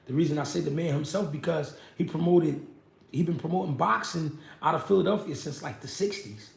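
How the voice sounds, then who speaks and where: A young man tells stories from his boxing career in loose, profane street talk, often asking "you know what I mean". His voice sits a bit high for a man and has a gravelly edge. The room echoes around him. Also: fairly quick. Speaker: former pro boxer telling his story. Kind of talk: casual storytelling chat.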